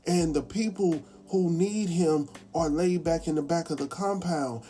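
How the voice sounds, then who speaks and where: A talkative man recapping a drama episode in a relaxed, colloquial way, slipping into quick impressions of the characters. His voice sits a bit high for a man but sounds warm and mellow. Faint music plays underneath. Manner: animated, acts out characters' lines in quick impressions; chatty, colloquial, laughs at his own asides. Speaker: recap show host.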